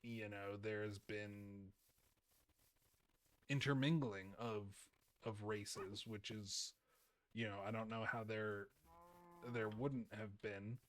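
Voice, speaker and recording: A man's voice: fairly low pitch, fairly even intonation, takes it slowly, pauses often. A young man streaming a game, rambling in casual commentary with frequent laughs and repeated words.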